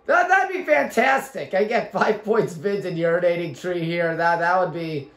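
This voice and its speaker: An excitable young man with a high voice chats his way through a sports show, calling video game plays as they happen. He exclaims at every big shot, and his voice rings in a roomy, echoing space. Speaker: sports talk show host. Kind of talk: casual commentary while playing a basketball video game. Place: small room at a local community TV station. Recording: roomy echo.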